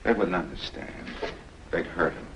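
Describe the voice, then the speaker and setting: An actor playing an older homeowner who sounds stern and commanding and sometimes swings up into pleading, in 1970s TV movie acting with a hissy old soundtrack. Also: male voice, sits low, moderate pace, gravelly, a bit bright, lo-fi sound. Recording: old TV film sound with hiss.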